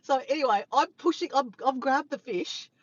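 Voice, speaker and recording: A woman vlogger telling a funny story to her viewers, animated and laughing, swearing freely. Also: sits high, moderate pace, husky, no room sound, muffled recording. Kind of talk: casual storytelling to camera.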